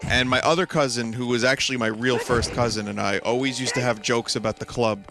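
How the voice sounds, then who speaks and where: A man's voice: mid-range voice, steady tone, brisk. A male streamer telling a long, rambling story while playing, full of fillers and laughs. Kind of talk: casual storytelling while gaming. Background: faint game music.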